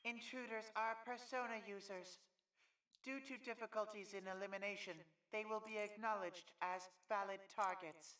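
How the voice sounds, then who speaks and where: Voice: mid-range voice, fairly even intonation, normal speed, recorded from a distance, a little hiss or hum, close to an everyday voice. An actor voicing a bear costume mascot who hosts a fighting tournament, switching between stiff mechanical announcements and bouncy, showy taunts. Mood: cold, mechanical. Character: bear costume mascot turned game host, flips between cold and hyper. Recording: echoey game audio over loud music.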